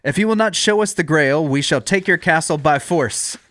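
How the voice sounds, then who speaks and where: A man's voice: on the high side, moderate pace, a bit bright, no room sound, voice pushed up, close to an everyday voice. A man in his thirties playing an earnest, commanding legendary king, proclaiming in a raised, formal voice. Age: 30s.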